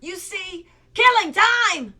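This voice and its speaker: A woman's voice: high-pitched, animated, unhurried, heavy background noise, voice pushed up. A woman voicing an impatient, growling male watchdog in a storybook reading. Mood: scolding. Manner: growling, scolding. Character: gruff, impatient male watchdog with a ticking clock body.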